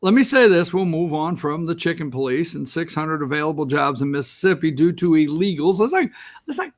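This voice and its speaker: Man, political talk host, high pitch, sarcastic, rambling, opinionated commentary. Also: a little fast. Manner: rambling, sarcastic, talks to viewers directly.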